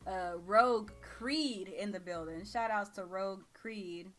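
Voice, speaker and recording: Tired Texan woman in her thirties, laid-back slangy streamer chatter with a bright edge and soft music underneath. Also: mid-range voice, unhurried. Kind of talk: casual live-stream chat.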